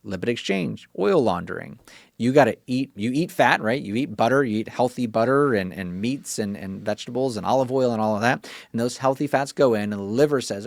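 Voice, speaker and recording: A man with a Texas accent, a functional medicine doctor, explaining things in an interview with animated, repetitive emphasis and casual asides. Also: mid-range voice, fairly quick, creaky, dry recording, clean studio sound. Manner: animated, repeats key words, casual asides.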